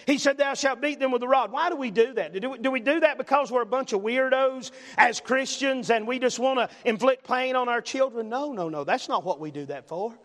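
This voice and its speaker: A man's voice: extremely high pitch, brisk, hardly any pauses, a bit bright. An older man preaching a sermon as pastor, emphatic and repetitive, punctuating points with "amen?", recorded with long reverb in a church sanctuary. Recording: long reverb in a large hall.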